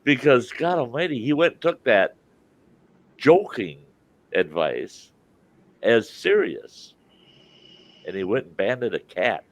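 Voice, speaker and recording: A man's voice: medium pitch, sing-song, takes it slowly, pauses often. A man hosting a live stream, telling a folksy anecdote and laughing through it. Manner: laughs through his own story, drawls. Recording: dull lo-fi stream audio.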